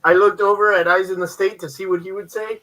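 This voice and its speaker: A man's voice: high-pitched, fairly even intonation, fast talker, bright, forceful tone, low-quality recording. A man co-hosting a casual livestream chat, joking and laughing often as he teases the others. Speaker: livestream co-host.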